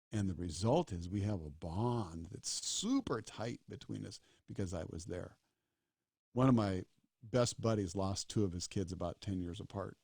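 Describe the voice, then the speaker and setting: A middle-aged man with a lowish, mellow voice tells a story in earnest. He slips into the dialogue as he goes, and the sound is dry and close. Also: vocal fry, slightly rough, no room sound. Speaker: disaster doctor and speaker. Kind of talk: storytelling talk.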